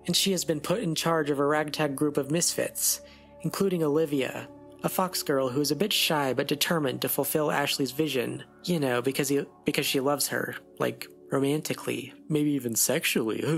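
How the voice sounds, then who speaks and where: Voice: medium pitch, vocal fry. An animator giving casual advice to viewers in a voice-over, sarcastic and rambling, with frequent asides. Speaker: animator and video creator.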